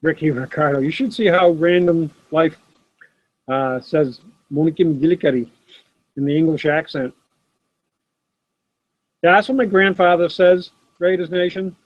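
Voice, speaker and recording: Unhurried and prone to long pauses, a middle-aged man with a slightly high voice chats casually while hosting a live sports card stream at his home desk. He replies to viewers by name, and his laptop's built-in camera mic yields a dull, dry sound.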